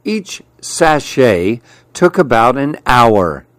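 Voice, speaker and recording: Brief: male storyteller for a children's book, unhurried and very lively in pitch, dry close sound. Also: no room sound. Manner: slow, expressive read-aloud.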